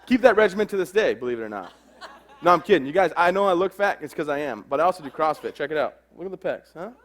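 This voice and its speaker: A man in his twenties gives a humorous motivational speech, telling a story with jokes and acting out the dialogue. His voice is a little high, with lively intonation, and he talks fast.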